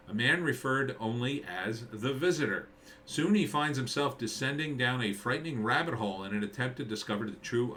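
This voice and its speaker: Rambling man with a bright, forceful voice. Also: fairly low pitch, a little hiss or hum. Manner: rambling, thinking aloud with many fillers and restarts. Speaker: screenwriter reviewing movie trailers. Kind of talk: casual rambling commentary. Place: at home with a dog nearby.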